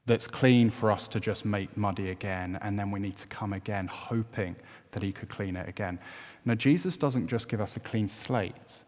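A man preaching a sermon, earnest and at times emphatic. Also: mid-range voice. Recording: long hall reverb.

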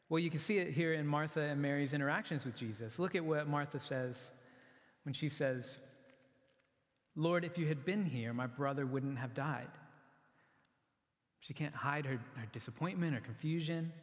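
A man's voice: fairly high pitch, moderate pace. A man giving a sermon as a pastor, earnest and conversational, often restarting his phrases. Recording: long reverb of a large hall.

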